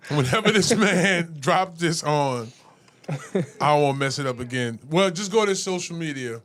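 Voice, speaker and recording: A man hosting a casual radio talk show, hyping up his guest with a lively, laughing manner. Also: on the high side, measured pace. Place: radio studio.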